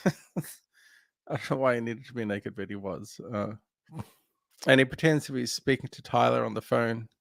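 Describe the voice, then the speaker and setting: Gravelly man recapping a film. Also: mid-range voice, measured pace, pauses often, fairly bright tone, no room sound, clean studio sound. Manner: meandering, filler-heavy retelling. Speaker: film podcast co-host. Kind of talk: casual film recap chat.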